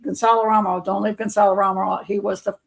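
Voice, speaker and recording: Woman, gravelly voice, live show host, reads news aloud, skeptical asides. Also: medium pitch, flat delivery, fast, low-quality recording. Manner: skeptical, muttering asides and self-corrections. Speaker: criminal profiler hosting a live show. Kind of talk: reading news aloud with running commentary.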